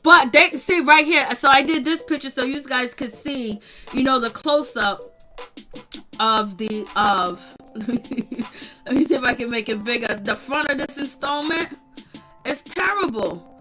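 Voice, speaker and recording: Woman host, high and bright, chatty recap commentary, laughs a lot, faint music behind. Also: a little slow. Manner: animated, chatty, laughs often, addresses viewers and chat. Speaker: host of a reality-show recap channel. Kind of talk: casual commentary.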